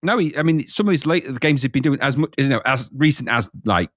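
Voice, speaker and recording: A man's voice: medium pitch, lively intonation, quick pace, fairly bright tone, no room sound, studio quality. A man co-hosting a retro games talk show in a casual, jokey, rambling way. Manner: jokey, rambling, laughs at himself. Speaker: podcast co-host reviewing retro games. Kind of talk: casual chat.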